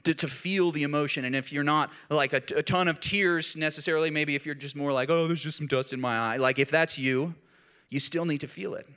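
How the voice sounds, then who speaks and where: A man preaching a sermon in a conversational, earnest way, dropping low and soft at key points and rising when he pleads. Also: fairly even intonation, a little fast. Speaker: pastor.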